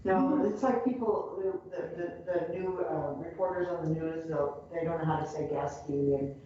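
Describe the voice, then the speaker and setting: A woman's voice: deep voice, steady tone, normal speed, dark tone. A woman chatting casually and laughing often, often trailing off mid-sentence. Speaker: community radio talker. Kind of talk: casual chat. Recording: echoey room, far from mic, dull lo-fi, faint noise.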